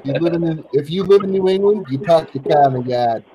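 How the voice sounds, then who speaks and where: A man's voice: a little high, lively intonation, fairly quick, lo-fi sound, background noise. A man chatting playfully, asking the others teasing questions. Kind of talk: casual group chat.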